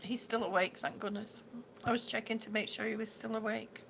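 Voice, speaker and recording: High, gravelly woman chatting to viewers live. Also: steady tone, a little fast, a bit bright, a little hiss or hum. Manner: chatty, repeats herself, loses words and laughs it off. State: ringing in the ears, yawning, hungry. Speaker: livestream host reading viewer comments. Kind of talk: casual live chat with viewers.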